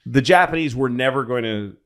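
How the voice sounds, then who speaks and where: A man with an average, mid-range voice tells a long, rambling story in casual podcast talk. He is profane and animated, and he jumps from point to point as he goes. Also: mid-range voice, a little fast. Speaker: comedian guest.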